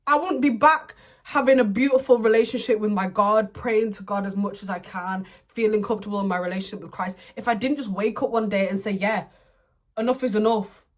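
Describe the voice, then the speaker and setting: A young woman chatting casually while doing her makeup at home, laughing often and breaking into playful bursts of excitement. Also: mid-range voice, a little fast, few pauses. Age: young adult. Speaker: beauty vlogger. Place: home room, indoors.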